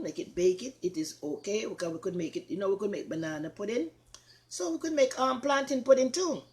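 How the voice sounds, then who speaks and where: An older woman with a Jamaican accent, hosting a casual cooking chat and talking to viewers with lots of repetition. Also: medium pitch. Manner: chatty, repeats herself, warm asides to viewers. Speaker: talk show host.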